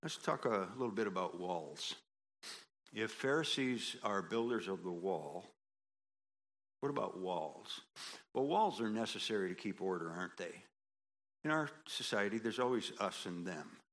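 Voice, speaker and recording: Bright-voiced man preaching a folksy sermon. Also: measured pace. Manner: animated, builds to emphatic high peaks; folksy asides with quoted voices. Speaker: pastor.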